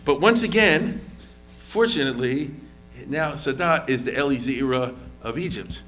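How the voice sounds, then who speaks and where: A man's voice: mid-range voice, normal speed, a little hiss or hum. A man giving an informal history lecture as a rabbi, talking casually with many restarts and acting out quotes. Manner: conversational, lively quoted voices, frequent fillers and restarts.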